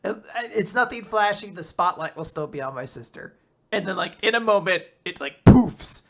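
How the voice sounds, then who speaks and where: A woman hosting a podcast, casually recapping manga chapters and retelling the plot with quick acted-out quotes. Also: on the low side, animated, gravelly. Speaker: podcast host.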